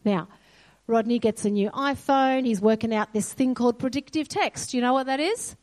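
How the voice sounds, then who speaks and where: A woman's voice: a little high, normal speed. A woman giving a sermon in a church hall, earnest and storytelling. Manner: earnest, storytelling, quotes God softly. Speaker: church speaker.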